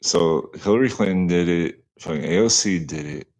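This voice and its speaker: A man chatting as a guest on a livestream panel, animated, repeating words as he searches for them. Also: low voice, normal speed. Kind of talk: casual panel chat.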